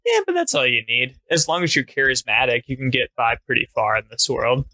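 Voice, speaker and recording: A man co-hosting a comedy podcast, speaking casually with wry, deadpan quips and plenty of fillers. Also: mid-range voice, fairly quick, no room sound. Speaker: podcast co-host.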